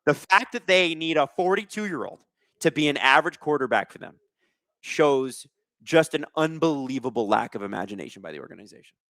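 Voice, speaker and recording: Brisk and expressive, this livestream host speaks on the high side with a fairly bright tone, dry-recorded. Hosting a casual sports watch-along, he reads chat aloud and throws out sarcastic jokes laced with swearing.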